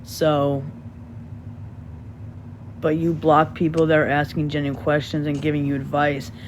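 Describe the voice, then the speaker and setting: A man's voice: a little high, monotone, a little slow, slight background noise, rough recording. A man talking on his own livestream, rambling and repeating himself as he speaks about taking accountability, earnest and defensive. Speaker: livestream host. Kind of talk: livestream apology talk.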